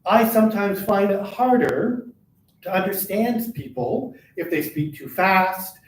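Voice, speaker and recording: An older man with a somewhat high, lively voice runs a live workshop for a workers' advocacy centre in a chamber of commerce meeting room. He talks fast and keeps the audience engaged with "right?" and "all right?" A distant room mic picks him up in the echoey space over faint background noise.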